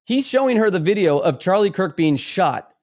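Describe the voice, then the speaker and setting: A man's voice: high voice, sing-song, normal speed, a little mellow. A man hosting a live stream, talking emphatically and stumbling over repeated words. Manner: emphatic, stammering repetitions. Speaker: livestream host. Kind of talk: impassioned live commentary.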